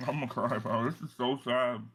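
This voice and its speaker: A man's voice: mid-range voice, steady tone, a little slow, fairly bright tone, slightly rough. A man co-hosting a casual comic reaction, talking in slang, swearing and calling everyone bro. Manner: slang-heavy, swears, calls people bro.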